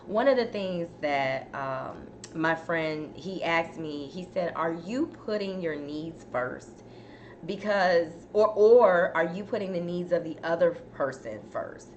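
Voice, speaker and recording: Host, female, relaxed and chatty with her audience, lower register, battling a dry cough; faint background noise. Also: slow pace. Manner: chatty, addresses viewers as "y'all". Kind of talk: casual live-stream chat.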